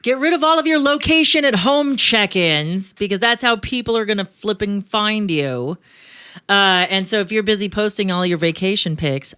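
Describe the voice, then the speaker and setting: A woman hosts a finance chat show in a loose, joking way, tossing off quick asides between her tips. Her voice sits at an ordinary middle pitch. The recording is close and dry, with no room sound. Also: fairly bright tone, smooth, no echo. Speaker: show host. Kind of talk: casual radio-show chat.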